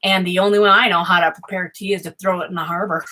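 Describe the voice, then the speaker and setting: An American woman chatting at home in a rambling, self-interrupting way, admittedly high, swearing freely. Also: fairly even intonation, fast talker, pushed and bright, low-quality recording. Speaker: vlogger. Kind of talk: rambling casual livestream chat. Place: home office.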